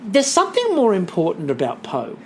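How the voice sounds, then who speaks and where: Sarcastic man, lively swooping voice. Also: high voice, a little fast, a little hiss or hum. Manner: sarcastic, acts out quotes with swooping voice. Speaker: podcast co-host. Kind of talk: casual chat.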